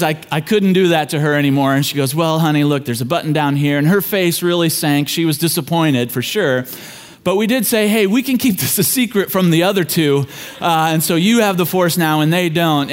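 A middle-aged man, a pastor, telling a family story in a conversational, folksy way as part of a sermon. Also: on the high side.

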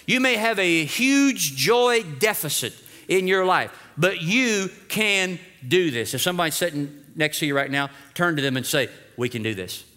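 A man preaching a lively sermon as pastor, urging the congregation to repeat phrases after him. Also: a little high, normal speed.

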